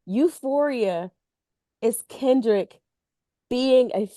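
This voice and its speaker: A woman co-hosting a podcast, telling stories in an animated way and acting out what people said. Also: a little high, extremely slow, no room sound, studio quality. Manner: animated storytelling, quotes people in dramatic voices. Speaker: podcast co-host. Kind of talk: casual chat.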